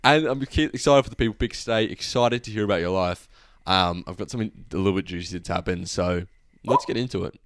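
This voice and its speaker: Fast-talking young man. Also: low-pitched, no room sound, studio quality. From Australia. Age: young adult. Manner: rapid, chatty, playful. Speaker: podcast co-host. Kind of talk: casual chat.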